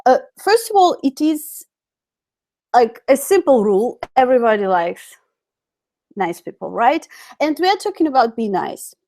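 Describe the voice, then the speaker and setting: Woman with Russian accent, fairly high voice, live online English teacher, chatty, lots of fillers. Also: big pitch swings, normal speed, pauses often, warm tone. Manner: chatty, many fillers and self-corrections. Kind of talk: live-streamed online lesson.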